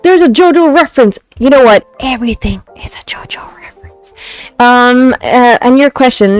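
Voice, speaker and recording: Speaking at a medium pitch with no echo, a young woman with an Indian accent streams live as a VTuber, her desk mic placed some distance away. She's animated and giggly, laughing a lot as she responds to chat and memes and moves back and forth between Hindi and English.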